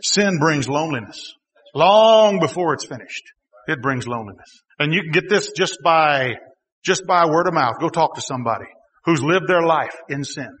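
A man preaching a sermon to a congregation, talking to them directly, laughing at times and rising to shouts. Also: high-pitched, long reverb tail. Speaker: pastor. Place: church hall.

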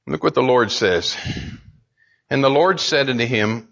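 A man preaching a sermon in an animated, conversational way, repeating lines for emphasis. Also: medium pitch, normal speed, highs cut off. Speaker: pastor.

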